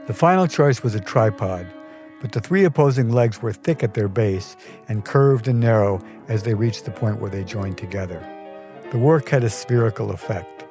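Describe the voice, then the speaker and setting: Low-voiced male storyteller. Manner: measured, wry storytelling. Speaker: storyteller podcast host. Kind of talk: scripted personal story narration.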